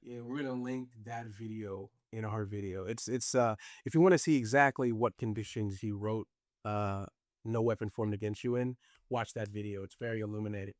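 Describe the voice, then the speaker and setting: A man's voice: fairly low pitch, fairly quick, dry recording, studio quality. A man from the United States hosting a podcast interview, teasing and blunt, swearing freely. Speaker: podcast host. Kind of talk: casual interview.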